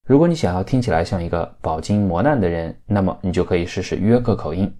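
A man hosts a language lesson podcast. He explains points steadily and clearly, like a teacher. His voice sits fairly low. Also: expressive, fast talker, few pauses, warm tone. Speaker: host.

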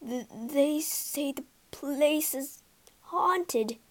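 A woman's voice: a little high, lively intonation, extremely slow, exaggerated voice. A woman doing a timid, stammering assistant. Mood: nervous. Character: nervous thin male assistant.

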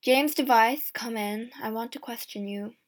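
A calm, kind magistrate , as read by a woman, asks his questions slowly and carefully. He rarely lifts his voice, which sits a little high. He is a figure in a storybook. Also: close to an everyday voice. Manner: slow and careful.

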